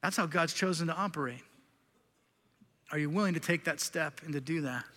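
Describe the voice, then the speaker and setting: A middle-aged male pastor preaching a sermon in a church sanctuary, earnest and confessional, rising to loud emphasis and dropping to quiet intensity. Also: fairly high pitch, a little fast, big-room sound.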